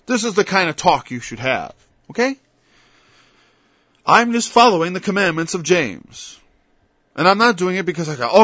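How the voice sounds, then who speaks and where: Male preacher, somewhat high voice, rambling conversational sermon, dull lo-fi dry sound. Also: animated, a little fast, pushed and bright, no room sound. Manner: rambling, conversational, stops and restarts then rises to emphatic peaks. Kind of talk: informal Bible-study sermon.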